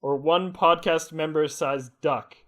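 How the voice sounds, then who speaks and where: A man's voice: a little high, steady tone, unhurried, a bit bright. A young man co-hosting a casual podcast with friends, laid-back and chuckling. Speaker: podcast co-host. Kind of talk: casual chat. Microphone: headphones on, home podcast mic.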